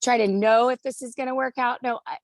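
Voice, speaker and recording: Enthusiastic woman with a gravelly voice. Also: on the high side, fairly even intonation, brisk, no echo. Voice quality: hoarse, gravelly voice. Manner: enthusiastic, emphatic. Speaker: community member giving feedback. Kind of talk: casual video call.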